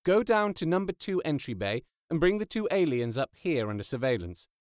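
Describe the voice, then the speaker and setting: A man voicing a young woman who speaks in a bright, firm and compassionate tone, raising his pitch. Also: sing-song, a little fast, no echo, studio quality.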